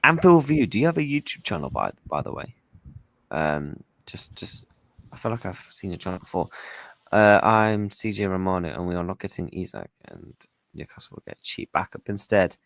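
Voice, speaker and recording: Low-voiced man chatting to stream viewers. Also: sing-song, brisk, gravelly, fairly bright tone, no echo. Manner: talks to viewers directly, repeats himself a lot. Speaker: fan channel host. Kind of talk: casual football fan stream chat.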